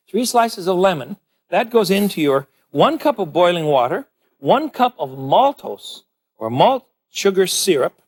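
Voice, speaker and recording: A male TV cooking host demonstrating a recipe in a chatty, playful way, always speaking to the viewer. His voice sits fairly high for a man. His pitch swings widely and expressively.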